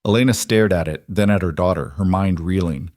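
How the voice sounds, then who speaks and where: A man narrating a scripted frontier story in an even, measured way. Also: deep voice, no room sound, studio quality.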